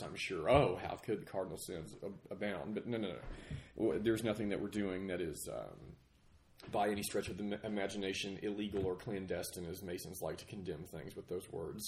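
Low-voiced man with a chest cold. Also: a little mellow, a little hiss or hum. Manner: measured, explanatory, with restarts. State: recovering from a chest cold, coughing. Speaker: guest. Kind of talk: casual podcast conversation. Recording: roomy echo.

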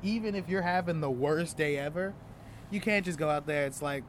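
A young man and stand-up comedian in a casual, reflective chat with a friend. He talks openly and grows lively when acting out stories. Faint street and traffic noise sits behind him outdoors. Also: fairly high pitch, fairly quick.

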